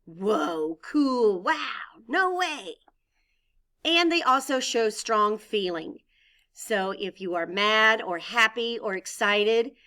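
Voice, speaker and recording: A woman teacher giving a recorded lesson to young children in a clear, encouraging, expressive voice. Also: medium pitch.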